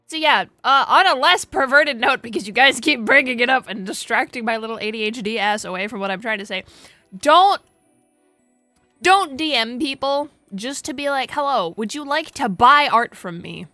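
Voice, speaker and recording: Young female streamer, rambling crude chat, bright voice, light music behind. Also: sits high, animated, moderate pace, dry recording.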